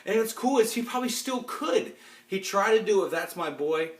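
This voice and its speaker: A man's voice: high-pitched, animated, normal speed. A man in his twenties ranting casually and bluntly to a phone camera, rambling and restarting his sentences. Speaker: movie vlogger. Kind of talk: casual opinionated rant. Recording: roomy echo.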